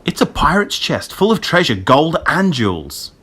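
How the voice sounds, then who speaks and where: A man voicing an excitable little boy in an audiobook, eager and breathless. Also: lowish voice, normal speed, slightly rough, exaggerated voice. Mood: excited.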